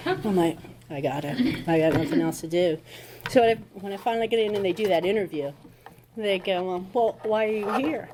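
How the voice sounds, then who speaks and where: Low-voiced woman telling her recovery story. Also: moderate pace, noisy background. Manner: conversational storytelling with acted-out quotes. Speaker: recovery meeting speaker. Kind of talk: personal testimony talk.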